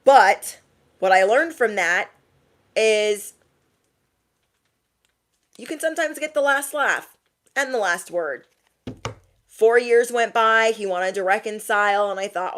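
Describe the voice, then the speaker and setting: A woman's voice: medium pitch, measured pace, pauses often. Chatty, laughing woman tarot reader. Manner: chatty and animated, laughs often, repeats lines for emphasis. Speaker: tarot reader and motivational YouTuber. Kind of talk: casual channeled message to viewers.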